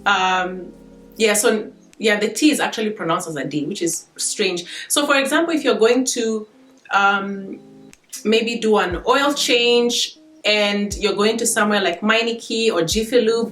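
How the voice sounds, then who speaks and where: A woman's voice: medium pitch, unhurried, fairly bright tone. Chatty Kenyan woman in a roomy space. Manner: chatty, repeats herself, laughs easily. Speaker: vlogger. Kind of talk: casual talk to camera. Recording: roomy sound with faint guitar music.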